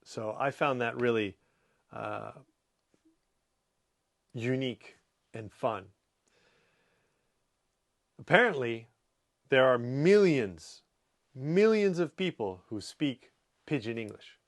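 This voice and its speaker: A man hosting a show, casually reading viewer comments aloud and chatting about them in a relaxed way. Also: slow, long pauses. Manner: breaks into playful high scolding voices. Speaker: host.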